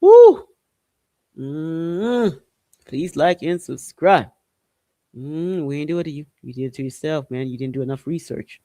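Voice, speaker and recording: A man from Haiti hosting a podcast, talking in a loose, slangy commentary style and breaking into loud whoops. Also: on the high side, moderate pace, no room sound. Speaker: podcast host. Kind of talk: casual commentary monologue.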